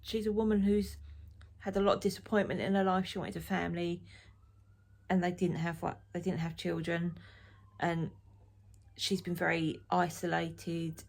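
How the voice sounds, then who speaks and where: A woman's voice: on the low side, level tone, normal speed, gravelly, long pauses. A middle-aged woman from Essex, chatting frankly and ramblingly to camera as a knitting vlogger. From Essex, England. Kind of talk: casual chat to camera.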